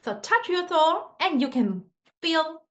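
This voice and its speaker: A woman with a high voice teaches an online language lesson. She speaks slowly and patiently in simple, non-native English, demonstrating sounds with sung scales. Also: sing-song, fairly bright tone, highs cut off. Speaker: Mandarin teacher.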